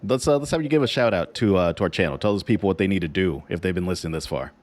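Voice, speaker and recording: Low-voiced man steering a podcast. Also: animated, rapid-fire. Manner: casual, laughs easily, directs the show. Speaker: podcast host. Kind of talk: casual chat.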